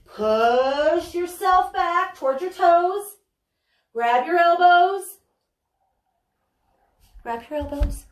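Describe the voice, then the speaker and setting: A woman with a very high-pitched, animated voice talks very slowly and pauses often while guiding a yoga class. Her cues are chatty, encouraging and step-by-step, and her home studio room is reverberant.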